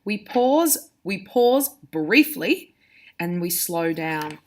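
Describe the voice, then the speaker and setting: A woman teacher giving a recorded lesson to her pupils. She explains step by step in a clear, direct way, speaking straight to the students. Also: lowish voice, very animated, very slow, slight background noise.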